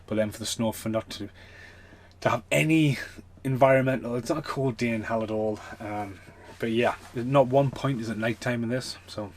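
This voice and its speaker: A man's voice: medium pitch, a little hiss or hum. A man ranting casually as a film reviewer, chatty and loose, swearing freely, a little tipsy. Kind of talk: casual rambling rant.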